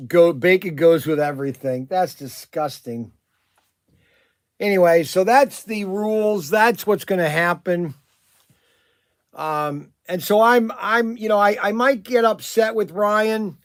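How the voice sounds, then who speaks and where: Casual livestream host, man, higher voice, rambly and excitable, dry close sound. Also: unhurried, dry recording. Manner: rambling, animated, many restarts and fillers. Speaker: livestream host and shop owner.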